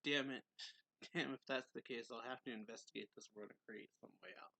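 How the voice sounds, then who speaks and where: A man's voice: medium pitch, fairly even intonation, quick pace, gravelly, sharp tone, no echo. A man reading the lines of a brash, impatient female spirit trapped in a dream world, in a blunt, exasperated way.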